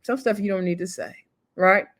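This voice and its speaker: A woman's voice: mid-range voice, normal speed. A woman giving a casual, opinionated recap of a TV episode. She acts out what people said and talks back at them. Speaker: TV show recapper.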